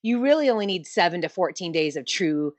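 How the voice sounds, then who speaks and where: A woman's voice: lowish voice, lively intonation, brisk, dry recording. A woman guest on an interview show, chatting casually over a video call, laughing often and using many fillers. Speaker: guest ultrarunner.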